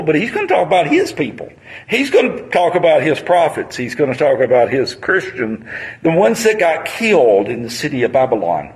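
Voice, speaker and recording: A man's voice: a little high, low-quality recording. A man, preaching a sermon on a Bible passage in a conversational storytelling manner.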